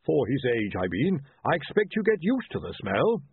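A man reading aloud plays a blustering older chief priest, pitched well above his own voice and blurting his words out. The voice is husky and comes through a thin, phone-like line. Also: moderate pace, no room sound, heavily acted. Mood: flustered. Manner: excitable, blurting.

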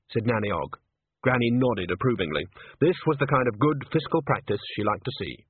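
Expressive male storyteller, husky tone; dry, thin narrow-band recording. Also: medium pitch, brisk, no echo. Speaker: audiobook narrator. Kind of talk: scripted narration.

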